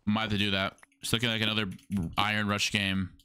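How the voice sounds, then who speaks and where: Bright-voiced young male gamer streamer. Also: on the low side, level tone, fast, clean tone. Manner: slangy, talks to chat, hums to himself. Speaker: livestreamer. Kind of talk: casual gaming livestream chatter.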